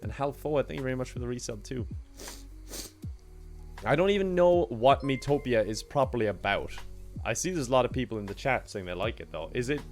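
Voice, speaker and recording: A man's voice: mid-range voice, animated, a little fast. Male streamer, loose chatty delivery, laughs a lot, faint game music under his voice. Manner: chatty, laughs often, thanks viewers by name. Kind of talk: casual gaming livestream chat.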